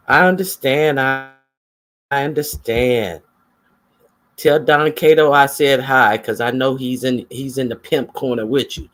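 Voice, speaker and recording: A man's voice: mid-range voice, flat delivery, moderate pace, hardly any pauses, a bit bright. A man giving casual, gossipy livestream commentary and chatting with his viewers.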